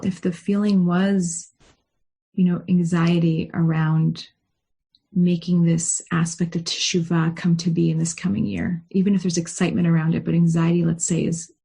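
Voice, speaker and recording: A woman rabbi leading a guided meditation and teaching, with a gentle, unhurried guiding tone. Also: on the low side, creaky, breathy edge. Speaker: rabbi leading a study session.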